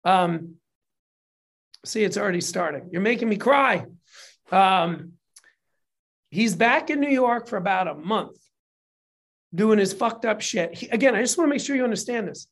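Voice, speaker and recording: This is a casual, chatty storyteller who swears freely and throws energy into every beat of the tale. The pitch sits in a middle register. At times the telling turns openly emotional. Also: normal speed, long pauses. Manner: animated, profane retelling of a history story; gets emotional while telling it. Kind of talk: casual chat.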